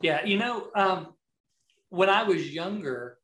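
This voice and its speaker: A video marketing coach, here a podcast guest, is a middle-aged man with a Southern accent and a high voice who takes things slowly. The sound is reverberant, and his casual interview answers ramble through animated anecdotes with many restarts.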